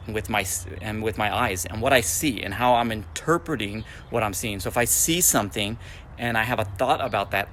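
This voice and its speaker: A spiritual teacher in his forties speaks in a fairly low voice, repeating phrases like affirmations as he teaches. A faint hum of passing traffic sits under his voice. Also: fairly bright tone. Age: 40s.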